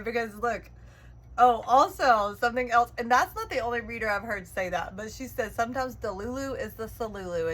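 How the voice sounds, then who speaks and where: The audio is poor, but this woman's mid-range, fairly bright voice comes through as she reads tarot for the listener. Chatty and encouraging, her spiritual reading is punctuated by frequent "okay?" check-ins.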